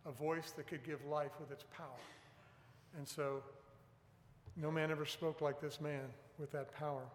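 Man preaching in an echoey hall. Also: fairly high pitch. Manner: earnest, emphatic, stresses key words. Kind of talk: sermon. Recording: echoey hall with long reverb.

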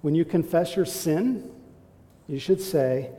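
A male pastor preaching with an emphatic, exhorting delivery. His voice sits a little high yet sounds dark and mellow, with a gravelly edge. The sound rings with the long reverb of a large hall. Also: slow pace. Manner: emphatic, builds to forceful exhortation. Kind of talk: sermon.

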